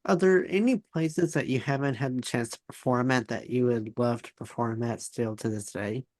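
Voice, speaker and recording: A man's voice: mid-range voice, normal speed, a little mellow, no echo, studio quality. A man hosting a podcast, asking his guest a short question. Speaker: podcast host. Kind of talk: interview questions.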